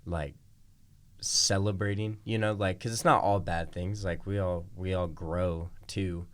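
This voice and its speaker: A man's voice: low-pitched, fairly even intonation, measured pace, a bit bright. A man in his twenties co-hosting a podcast, talking in a laid-back, slangy and teasing way. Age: 20s. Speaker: podcast co-host. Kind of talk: casual chat.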